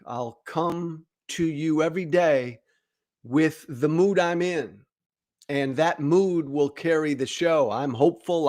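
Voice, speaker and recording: A man hosting a political commentary show, talking bluntly and candidly, often repeating words for emphasis. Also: medium pitch. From United States. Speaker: podcast host and political commentator.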